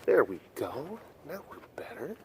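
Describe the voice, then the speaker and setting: Man softly cooing to big cats. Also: a little high, huge pitch swings, measured pace, a little hiss or hum. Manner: soft baby talk to big cats. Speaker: animal keeper vlogger. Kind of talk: casual walking vlog. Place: outdoors at an animal compound. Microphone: camera mic with windscreen.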